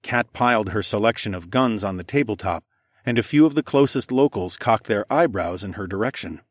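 A man narrating an audiobook in the first person, in a calm, even, low-key way. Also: fairly quick, no room sound, studio quality.

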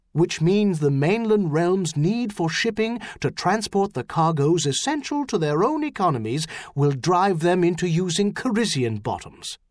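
A man's voice: high-pitched, darkish tone, no room sound, clean studio sound, pitched above the performer's own voice. A man reading an audiobook, voicing a pious, earnest treasurer who explains things urgently. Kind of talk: audiobook character voice.

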